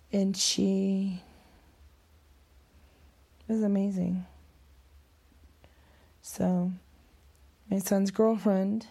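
A middle-aged woman rambles through an emotional vlog monologue, her voice gravelly with fry. Her tone is dark and mellow, and she slips into whispers now and then. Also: medium pitch.

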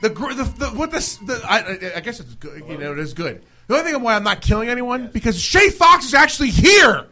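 A man hosting a podcast in rowdy studio banter, excitable and jokey as he rants about his show going off the rails. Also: extremely high pitch, fairly quick, hardly any pauses. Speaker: podcast host.

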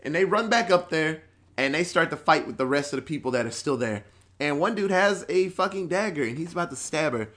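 A man's voice: on the high side, animated, a little fast, a bit bright. A man in a casual chat, recapping a horror movie in a rambling, profane way with lots of fillers.

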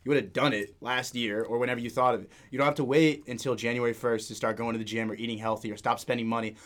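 Quick-talking joking podcast host. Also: male voice, medium pitch, fairly even intonation, fairly bright tone. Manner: joking, teasing, blunt. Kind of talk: casual chat.

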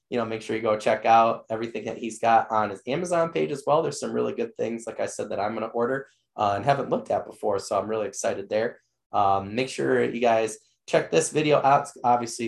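Wrapping up a casual podcast interview, a man with a lowish voice and vocal fry rambles enthusiastically, full of fillers. As host, he sounds like his voice is giving out.

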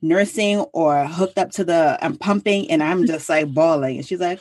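A woman's voice: sits low, normal speed, few pauses, darkish tone. A young adult woman, a podcast guest, telling stories in a frank, humorous, casual way. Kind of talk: casual conversation.

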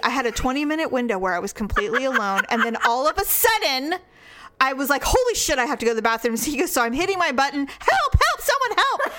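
Bright, high-voiced woman telling stories. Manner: animated, laughs often, acts out quotes. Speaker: podcast co-host. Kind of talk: casual chat, storytelling.

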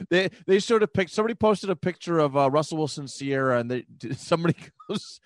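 A man's voice: a little high, lively intonation, fast talker, no echo. A man co-hosting a podcast, rambling loosely through casual sports chat, laughing often and swearing now and then. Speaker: podcast co-host.

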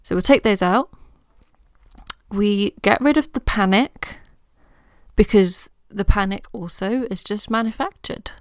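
A woman coach hosting her own podcast, talking through ideas in a gentle, reassuring way, as if thinking aloud. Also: medium pitch, measured pace, dry recording, clean studio sound. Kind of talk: reflective solo podcast talk.

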